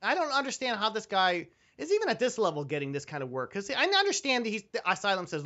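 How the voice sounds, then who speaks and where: Sarcastic lively podcast host. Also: male voice, sits high, fast, few pauses. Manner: sarcastic, profane, laughs often. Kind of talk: casual movie-riffing podcast chat. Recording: slightly dull lo-fi audio.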